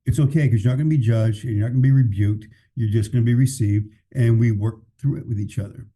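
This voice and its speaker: A pastor talks frankly and plainly, stopping and restarting his thoughts as he goes. His voice is very dark and mellow, sitting at an ordinary pitch for a man. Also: fast talker, slightly rough. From California. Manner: candid and plainspoken, with many restarts. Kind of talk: casual podcast conversation.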